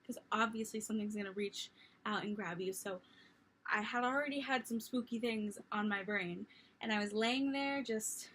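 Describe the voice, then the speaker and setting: A young woman vlogger telling a story in a casual, animated, self-mocking way. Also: fairly high pitch.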